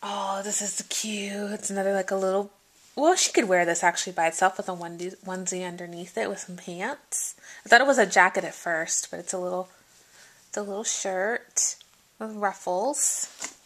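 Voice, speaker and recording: A woman vlogger chatting casually through an unboxing, gushing, her voice jumping high when something delights her. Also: moderate pace. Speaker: vlogger showing a gift package.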